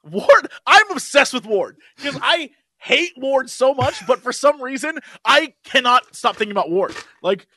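High-voiced, lively ranting man. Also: a little slow, hardly any pauses, no echo. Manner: excitable, ranting, acts out scenes. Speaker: podcast co-host. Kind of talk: casual chat.

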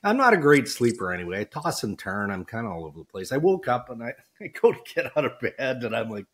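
A man co-hosting a relaxed podcast, chatting and joking with his partner. His pitch swoops up and down with lots of life. He laughs easily and slips into ad reads between the banter. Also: fast. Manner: animated, laughing, reads ad copy. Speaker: podcast co-host. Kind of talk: casual chat.

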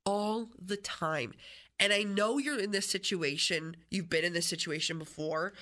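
A woman hosting a radio show in a studio, telling stories in an animated, chatty way with many restarts. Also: medium pitch. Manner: animated storytelling, frequent restarts. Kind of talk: casual on-air chat.

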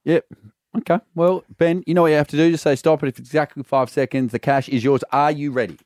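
A man's voice: fairly high pitch, fairly even intonation, fast talker, a little mellow, no echo. A man hosting a breakfast radio show, joking and teasing his co-hosts. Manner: teasing, jokey. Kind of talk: playful radio banter.

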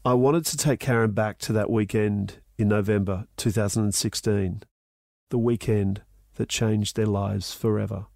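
A man hosting a podcast, delivering scripted narration in a measured, somber way. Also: lowish voice, steady tone, creaky, darkish tone. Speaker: podcast host. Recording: narration over music.

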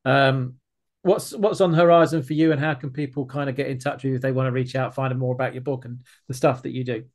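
A male podcast host interviews a guest in an easy, relaxed manner. He laughs often and keeps his responses short. His voice is at an average pitch and comes through a filtered podcast mic. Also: quick pace.

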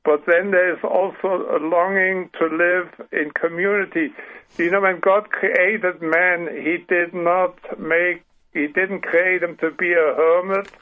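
A man's voice: high voice, fairly even intonation, slow. A man in his seventies with a German accent, a guest author speaking earnestly with many restarts in a radio interview. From Britain, raised in Paraguay. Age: 70s. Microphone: telephone. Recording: tinny phone line.

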